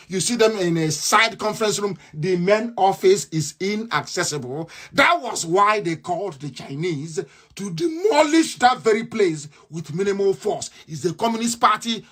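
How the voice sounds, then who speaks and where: A man's voice: high-pitched, fairly bright tone. A man giving a live radio broadcast monologue, fiery and scornful, repeating his points.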